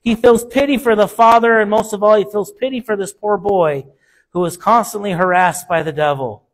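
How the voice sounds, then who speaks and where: High-voiced male pastor preaching. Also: normal speed. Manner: emphatic, repetitive preaching cadence. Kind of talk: sermon.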